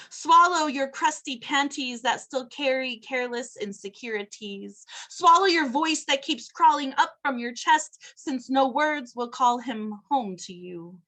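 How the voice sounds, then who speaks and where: Slow-spoken woman poet on a video call. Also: on the high side, bright, forceful tone. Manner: slow, deliberate delivery. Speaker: open mic host. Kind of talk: poetry reading and hosting.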